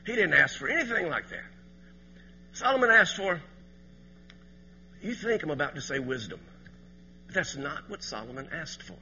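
A man preaching a sermon as pastor, swinging from quiet asides to loud emphatic passages. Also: a little high, sing-song, moderate pace, long pauses, big-room sound, lo-fi sound, a little hiss or hum.

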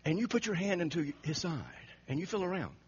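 A man preaching an animated sermon, telling the story dramatically and acting out the quotes with frequent laughter. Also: fairly high pitch, fairly quick, breathy edge. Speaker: pastor. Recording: muffled lo-fi recording.

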